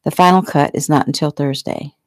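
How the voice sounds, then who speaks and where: A woman reading the part of a cheerful young Southern waitress in a storybook, bright and friendly. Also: low-pitched, fairly even intonation, a little fast, no echo, clean studio sound, natural voice.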